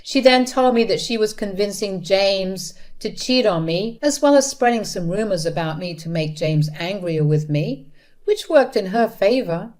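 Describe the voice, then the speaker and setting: A woman's voice: mid-range voice, expressive, moderate pace, darkish tone. A woman narrating a first-person story in a bitter, blunt manner.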